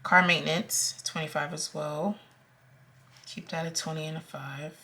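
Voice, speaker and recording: Slow, low-voiced young woman vlogger. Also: steady tone, sharp tone. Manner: slow, chatty, with frequent ums and counting aloud. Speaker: budgeting vlogger. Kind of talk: casual talk-through while cash stuffing.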